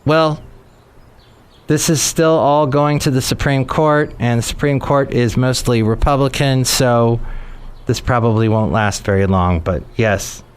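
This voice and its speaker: A man's voice: mid-range voice, measured pace, smooth. A man hosting a podcast in a rambling, jokey, digressive monologue. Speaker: podcast host. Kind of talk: casual chat monologue.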